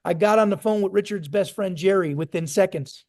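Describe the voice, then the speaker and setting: A man's voice: high-pitched, fairly quick, a little mellow. A man giving an emphatic motivational talk to his business team over a video call. He uses punchy phrases and stacks lists for effect.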